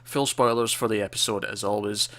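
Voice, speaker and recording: Rambling on a laid-back TV review podcast, this male co-host keeps breaking off and repeating words as he restarts his thoughts. He speaks briskly in a lowish, slightly bright voice with fairly even intonation.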